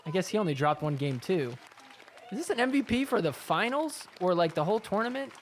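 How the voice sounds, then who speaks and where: Sarcastic, lively man recapping sports clips. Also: high-pitched, a little fast, a faint crowd, a little hiss or hum. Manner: sarcastic, chatty, reacts to clips. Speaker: podcast host. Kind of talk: casual sports recap commentary.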